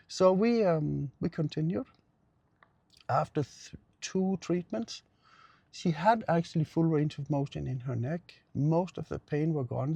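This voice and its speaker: Gravelly middle-aged man telling a story. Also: fairly high pitch, mellow, no echo. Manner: earnest, repeats phrases for emphasis. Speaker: pain therapist. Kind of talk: personal storytelling.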